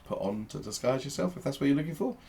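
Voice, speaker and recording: A man narrating as game master of a tabletop game, with halting delivery and plenty of fillers. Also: mid-range voice, animated, creaky, warm tone, slight background noise. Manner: halting, with frequent fillers and restarts.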